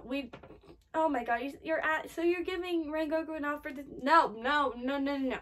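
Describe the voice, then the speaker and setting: A high-voiced woman reacts to an anime episode as she watches it, excitable and fretful, swinging between gasps, swearing and cheering. She sits a little back from the mic, so her voice sounds slightly distant. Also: moderate pace. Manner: excitable, gasps and frets aloud, swears often. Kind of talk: live anime reaction commentary.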